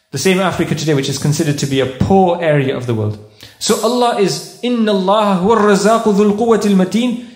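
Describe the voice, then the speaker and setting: A preacher with a high-pitched voice addresses a mosque congregation. He patiently unpacks Arabic terms and repeats his points for weight. His voice rings through a reverberant hall. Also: darkish tone. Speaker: mosque speaker. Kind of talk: sermon.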